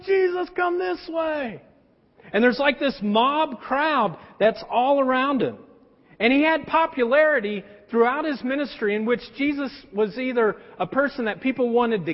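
A pastor preaching a sermon, telling the story in an animated, casual way with everyday slang. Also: male voice, very high voice. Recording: echoey hall, dull sound.

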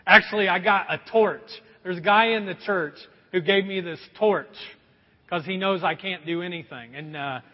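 A middle-aged pastor with a high, slightly husky voice delivers a folksy sermon, often calling out to the congregation. His voice carries a long hall reverb and sounds a bit dull, like a church sanctuary recording. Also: normal speed.

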